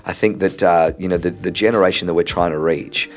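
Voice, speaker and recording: A man's voice: low-pitched, fairly even intonation, a little fast, soft background music. A middle-aged man, a senior pastor who talks in an earnest, preacherly way in a casual interview and often repeats words as he starts a thought.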